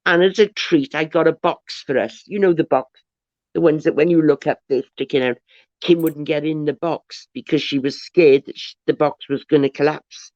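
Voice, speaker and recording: A female livestream host with a deep, slightly mellow voice at a moderate pace rambles through casual chat, restarting her sentences as she tells stories. The lo-fi stream audio sounds dull and dry.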